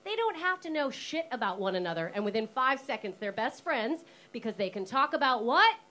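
A woman's voice: fairly high pitch, sing-song, a little fast, pushed and bright. A woman doing stand-up in a comedy club, teasing the crowd and swearing freely. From Canada. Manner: brash, sweary, teasing the audience. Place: comedy club stage with audience laughter.

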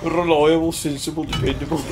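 A man putting on a broad Birmingham accent as a rough, crude bloke while playing a game. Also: a little high, flat delivery, brisk, close to an everyday voice. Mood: gruff.

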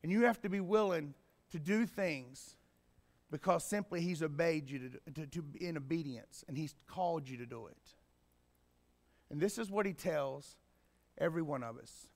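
A man preaching a sermon as pastor, swinging from quiet explaining to loud emphatic bursts. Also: on the high side, normal speed. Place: church sanctuary. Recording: long reverb in a church hall.

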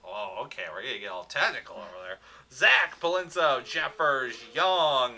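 Bright-voiced man hosting a card break. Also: medium pitch, very animated, moderate pace. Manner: upbeat, rattles off player names, chats with viewers. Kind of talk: livestreamed card box break.

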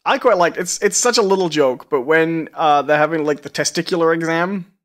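A man's voice: a little high, a little fast, a bit bright. A man co-hosting a podcast, casually and wryly discussing a movie. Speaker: podcast co-host.

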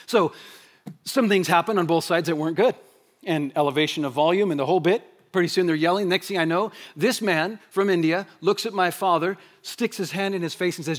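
A man preaching a sermon as pastor. He asks the congregation rhetorical questions, drives points hard, then drops to a hushed, quiet delivery. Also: high-pitched, a little fast. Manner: animated preaching, rhetorical questions, swings between loud emphasis and hushed quiet. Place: church sanctuary.

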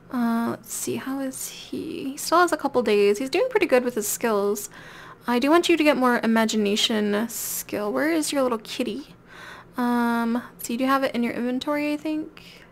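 A woman's voice: a little high, lively intonation, moderate pace. A woman giving casual let's-play commentary, chatting away and talking straight to the characters on screen. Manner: chatty, talks directly to the game characters. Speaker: gameplay video creator.

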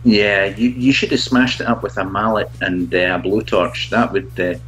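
A man who reviews products, chatting as a guest in a halting, self-mocking way and laughing often. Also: on the low side, over music, low-quality recording. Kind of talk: casual video chat.

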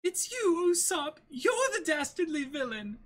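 A man voicing an indignant male guard who shouts accusations, in a dramatic comic reading. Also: extremely high pitch, sing-song, a little slow, pitched above the performer's own voice, heavily acted.

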